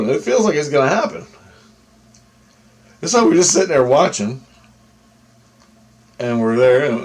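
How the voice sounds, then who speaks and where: A man's voice: medium pitch, darkish tone. A man vlogging a personal story to camera in a loose, rambling way, full of asides.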